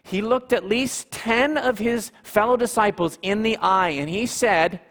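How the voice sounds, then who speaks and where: A man preaching a sermon, animated, with dramatic pauses and repeated phrases. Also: high-pitched, in a large hall. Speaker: pastor.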